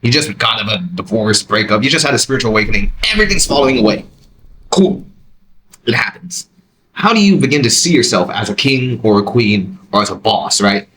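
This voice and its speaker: A man talks through his own podcast in an animated, emphatic way, his pitch swinging widely and jumping to high exclamations. His voice is bright and forward. A faint hiss sits under the quiet room. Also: rough recording. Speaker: podcast host reacting to a clip. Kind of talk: reaction commentary, casual monologue.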